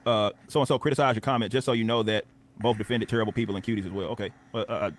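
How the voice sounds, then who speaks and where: A man's voice: lowish voice, fairly even intonation, rapid-fire, slight background noise. A man on a livestream, ranting heatedly with lots of profanity and repeated phrases. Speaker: streamer.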